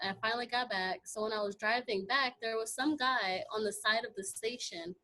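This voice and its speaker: A young adult woman co-hosting a radio talk show, telling an animated story with plenty of cursing. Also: on the high side, poor audio. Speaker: radio co-host. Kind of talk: casual radio banter.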